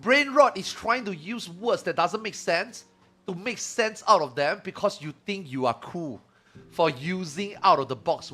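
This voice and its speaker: A man in his forties chatting casually on a live stream, animated and laughing as he mocks slang. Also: on the high side. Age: 40s. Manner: animated, laughing, mocking slang in comic voices.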